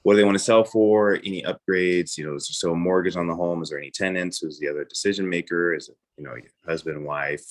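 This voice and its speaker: A man's voice: sits low, fairly even intonation, fast, few pauses. A man who works as a real estate agent, casually describing his calls and acting out both sides of them. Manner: casual, acts out phone calls. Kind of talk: casual guest account.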